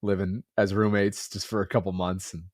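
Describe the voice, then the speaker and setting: A man's voice: low voice, flat delivery, moderate pace, a little mellow, no echo, clean studio sound. Congested man on a podcast. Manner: rambling, earnest, reflective. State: congested, under the weather. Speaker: podcast co-host. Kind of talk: casual chat.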